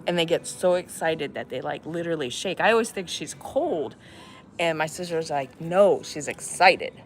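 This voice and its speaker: A woman's voice: sits low, moderate pace, a little hiss or hum. A woman chatting casually to her viewers in a vlog, breaking off to talk to a dog playing fetch outdoors. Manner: chatty, talks to a dog between asides. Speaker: vlogger.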